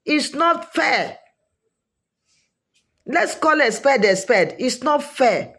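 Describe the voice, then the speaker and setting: A woman with a Nigerian accent giving opinionated social commentary, emphatic and repeating her points for weight. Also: fairly high pitch.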